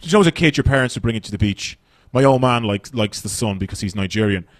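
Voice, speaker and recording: A man's voice: fairly low pitch, fast, slight background noise. An Irish man in his thirties doing a stand-up comedy set on a club stage, chatty and swearing as he tells stories. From Ireland. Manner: chatty, swearing, animated storytelling.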